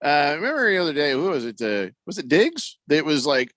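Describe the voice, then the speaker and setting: A man's voice: a little high, big pitch swings, fairly quick, a bit bright, no echo. A man hosting casual sports radio banter, joking and reading out listener messages on a studio microphone. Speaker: radio host.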